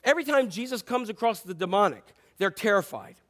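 Here a man with a high-pitched, slightly bright voice and lively intonation preaches at a fairly quick clip. His sermon is casual and humorous; he asks the congregation questions and plays out scripture passages with playful voices.

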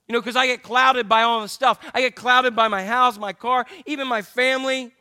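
A man's voice: very high-pitched, fairly even intonation, a little fast, pushed and bright, smooth. A man pastor preaching an earnest, conversational sermon.

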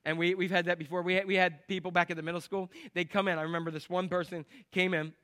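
A man preaching a sermon as pastor, animated, acting out the people in his stories. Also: high-pitched, fast. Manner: animated storytelling, acts out quotes.

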